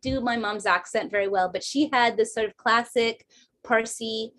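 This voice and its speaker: A woman's voice: on the high side, normal speed, a bit bright. A woman with a Canadian English accent giving a chatty storytelling talk to a community event, with fillers and restarts and bursts of rising energy. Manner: bursts of enthusiastic, rising energy when describing her mother. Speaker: speaker at a women's community event.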